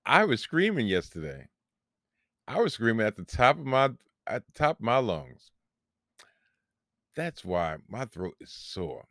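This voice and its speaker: A man's voice: fairly low pitch, huge pitch swings, a little slow, long pauses, a bit bright, no echo, clean studio sound. A man, hosting a solo podcast and telling a long, rambling, profane story about himself with self-mocking humor. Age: 40s. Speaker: podcast host.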